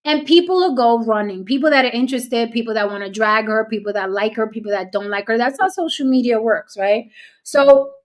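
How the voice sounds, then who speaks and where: A woman hosts a casual commentary show with a somewhat high voice. She talks straight to her viewers in a blunt, cynical way. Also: a little fast. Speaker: host.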